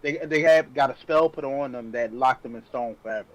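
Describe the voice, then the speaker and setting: A man co-hosting a casual podcast chat, talking excitedly and swearing freely as he gushes about old cartoons. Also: mid-range voice, a little fast, no room sound, poor audio. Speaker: podcast co-host.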